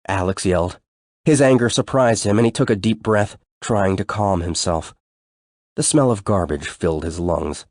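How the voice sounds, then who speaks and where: A male narrator with a low voice reads an audiobook at a measured, steady pace. The recording is dry and close, with no room sound. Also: no echo.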